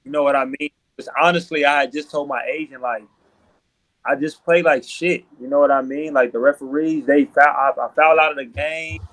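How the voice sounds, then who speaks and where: A man in his thirties, a pro basketball player, recounts stories with lively animation in a relaxed interview. His voice sits a bit high for a man, and he keeps checking in with his listener. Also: brisk, poor audio. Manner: animated, repeats "you know what I mean". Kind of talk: casual storytelling interview.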